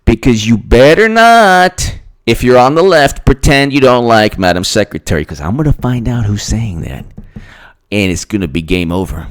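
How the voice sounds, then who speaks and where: A man's voice: medium pitch, expressive, normal speed. A man hosting his own political commentary channel, ranting sarcastically, repeating himself and mocking others in put-on voices. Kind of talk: rambling solo political rant.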